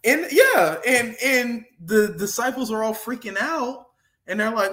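High-voiced excitable young-sounding man. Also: unhurried, reverberant. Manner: excitable, laughs often, exclaims loudly. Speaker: co-host of a faith reaction stream. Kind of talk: casual live-stream chat.

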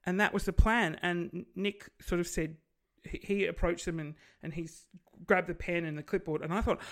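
A woman telling a story in casual podcast chat, animated, acting out the people she quotes. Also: lowish voice, normal speed, few pauses. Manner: animated, acts out quoted voices.

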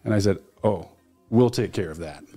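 A man's voice: on the low side, moderate pace, mellow, soft background music. A man talking as a studio guest, telling stories with enthusiasm and frequent fillers. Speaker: alumni relations director, guest. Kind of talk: casual studio conversation. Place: radio studio.

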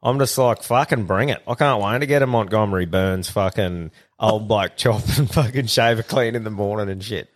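A man's voice: on the low side, moderate pace, hardly any pauses. An Australian man in his thirties co-hosting a podcast, swearing and laughing as he tells stories. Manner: laid-back, swears a lot, laughs often. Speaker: podcast co-host. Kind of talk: casual chat.

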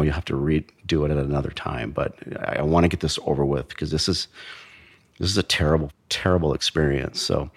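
Low-voiced man recounting a case bluntly. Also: creaky, no echo. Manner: measured, blunt, with frequent restarts. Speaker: former investigator recounting a case. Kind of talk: true crime storytelling.

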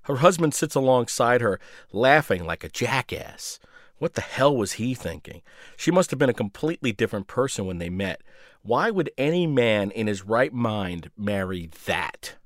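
Male radio host, sardonic story reader, lively low voice. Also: dry recording, studio quality. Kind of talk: reading his own short story.

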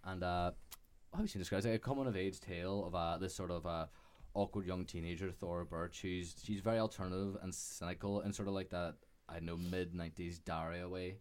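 Casting: deep-voiced podcast co-host, hesitant and casual. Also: male voice, steady tone, a little fast, a little mellow, smooth. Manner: hesitant, filler-heavy. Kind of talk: casual film chat.

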